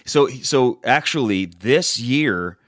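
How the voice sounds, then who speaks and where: A man's voice: medium pitch, slow pace, no echo, studio quality. A man hosting a podcast, telling a reality-show recap in casual chat and acting out the people's lines. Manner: animated storytelling, acts out quotes from the show.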